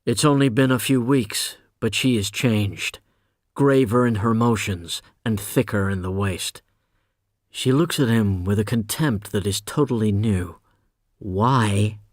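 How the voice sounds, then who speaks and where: A male audiobook narrator reading a literary novel in a measured, even way. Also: fairly low pitch, no room sound, studio quality.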